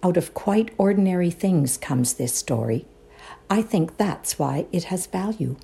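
A woman performing a dramatic reading of a ghost story, hushed and suspenseful, often dropping to a whisper. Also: on the low side, animated, unhurried, creaky. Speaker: reader in a readers' theatre show.

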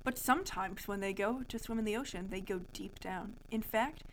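A woman's voice: mid-range voice, moderate pace, a little hiss or hum, rough recording. A young adult woman co-hosting a podcast, reading a childhood story aloud in a playful, amused way. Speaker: podcast co-host.

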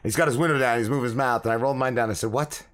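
A man's voice: medium pitch, steady tone, very fast, a bit bright. A man co-hosting a podcast, rambling through stories full of swearing and acting out what other people said. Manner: rambling, swears a lot, acts out quoted people. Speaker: podcast co-host. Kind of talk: casual profane storytelling.

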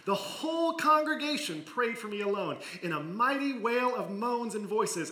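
A man gives a sermon, reading a story aloud with feeling. His voice is bright and a little high, and it drops to a near hush in the quiet parts. The sound carries an echo from the room. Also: very animated, normal speed, hardly any pauses. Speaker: preacher. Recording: echoey room.

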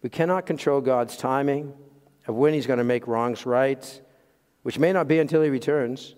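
A man preaching a sermon as pastor, swinging from loud emphasis to hushed asides and chuckling at his own jokes. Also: medium pitch, moderate pace. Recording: long hall reverb.

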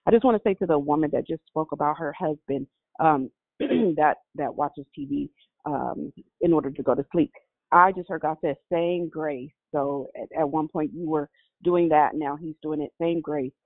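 Gravelly man exhorting over the phone. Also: a little high, moderate pace, dry recording. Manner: exhorting, preacherly. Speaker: caller. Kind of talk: prayer-call testimony. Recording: tinny, dry phone line.

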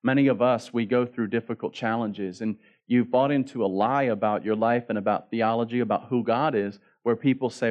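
Joking casual preacher, slightly dull sound. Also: male voice, medium pitch, steady tone, brisk, hardly any pauses, a little mellow. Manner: casual, joking preacher who acts out the story in quoted voices. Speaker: pastor. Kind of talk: sermon.

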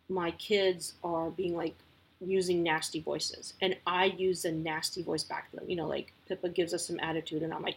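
Casting: breathy woman in her thirties, casual podcast host, rambling and friendly. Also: on the low side. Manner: chatty, lots of likes and you-knows. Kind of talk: casual advice talk.

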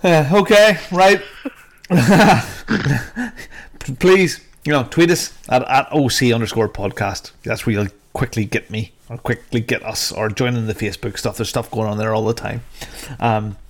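A man's voice: mid-range voice, unhurried. A man hosting a podcast in a casual, jokey way, rambling with plenty of fillers. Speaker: podcast host.

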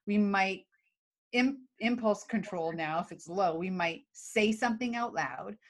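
A woman co-hosting a talk show explains emotional skills in a casual way, speaking unhurriedly in a medium-pitched voice. She laughs often and acts out examples as she teaches.

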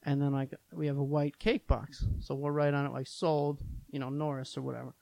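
Recorded dry, the mid-range voice of a Long Island, New York business owner comes across flat, a little fast and slightly mellow, with vocal fry. As a podcast guest he rambles through anecdotes in casual chat, saying "like" often and acting out the people in them.

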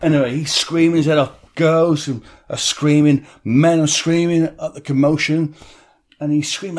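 A man's voice: fairly high pitch, little pitch movement, moderate pace, a little mellow. Blunt man telling a story. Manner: blunt, vivid storyteller who swears freely. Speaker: interviewee. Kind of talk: telling a personal story in an interview.

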